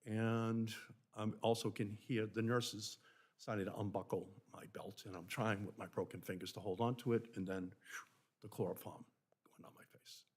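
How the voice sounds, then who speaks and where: An older Massachusetts man with a Boston accent, a senator, delivers impassioned remarks in a committee hearing room, lurching between loud, emphatic bursts and near-whispers. His voice is on the low side and slightly rough, with a level tone at normal speed.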